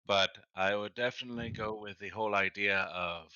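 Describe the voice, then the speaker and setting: A man's voice: fairly low pitch, steady tone, fairly quick, sharp tone, clear, resonant tone, dry recording, muffled recording. A man playing a tabletop game over voice chat, joking and playful. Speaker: player.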